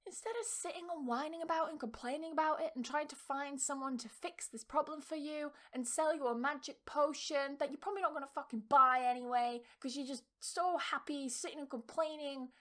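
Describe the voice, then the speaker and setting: Woman, high voice, English teacher and podcast host; casual, blunt, emphatic, swears now and then. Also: fairly quick, hardly any pauses, a bit bright. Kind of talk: casual motivational talk.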